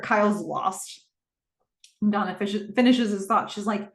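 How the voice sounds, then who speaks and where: A woman's voice: mid-range voice, a little slow, reverberant. A woman hosting a podcast, casually recapping a TV episode, narrating scenes and reading out the dialogue. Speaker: podcast host.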